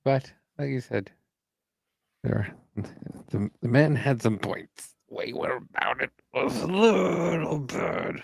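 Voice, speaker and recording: A man chatting on a podcast and tossing in joking asides with a chuckle. His voice has a strong gravelly fry at a middling pitch. The sound is dry and close to the mic. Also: expressive, takes it slowly, no echo. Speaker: podcast participant. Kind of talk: casual chat.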